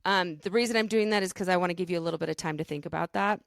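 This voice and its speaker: A woman's voice: on the low side, racing, vocal fry, smooth, no echo, studio quality. Earnest rambling woman podcast co-host. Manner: earnest, rambling with many fillers. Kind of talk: casual chat.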